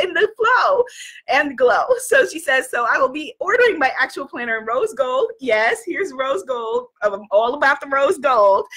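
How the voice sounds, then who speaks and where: A woman's voice: sits high, bright, forceful tone. A woman spiritual coach hosting a motivational video, reading out messages and cheering with effusive repeated praise.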